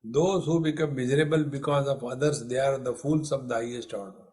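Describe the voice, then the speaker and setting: A man's voice: medium pitch, steady tone, fairly quick, darkish tone. Playful male spiritual teacher. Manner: playful, teasing, acts out dialogue in stories. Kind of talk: spiritual discourse with humorous anecdotes. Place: lecture hall.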